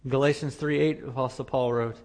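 A man's voice: mid-range voice, steady tone, a little fast, a little mellow. A man preaching a sermon as pastor, earnest, repeating phrases for emphasis.

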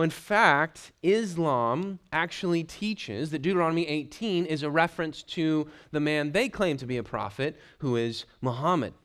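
A man preaching a verse-by-verse sermon, reading scripture passages aloud and explaining them, now and then clearing his throat. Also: a little high, fairly bright tone. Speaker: pastor. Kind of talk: expository sermon.

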